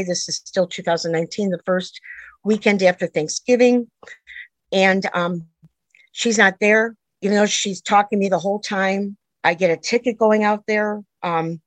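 A woman's voice: medium pitch, dry recording, poor audio. A middle-aged woman, a mother, telling a long personal story in an earnest, rambling way that jumps back and forth in time. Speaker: interviewee, a mother telling her daughter's story.

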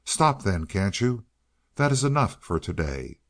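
A man's voice: on the low side, very animated, a little slow. A man voicing a grumbling, blustering peasant man in a storybook reading, with a demanding manner.

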